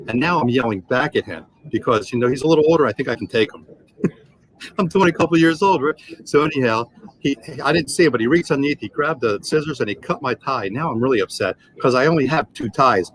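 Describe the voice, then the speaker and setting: A man in his sixties, a sales trainer, telling animated anecdotes and acting out the dialogue in a podcast interview. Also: mid-range voice, a little fast, slight background noise, low-quality recording. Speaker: guest, automotive sales trainer.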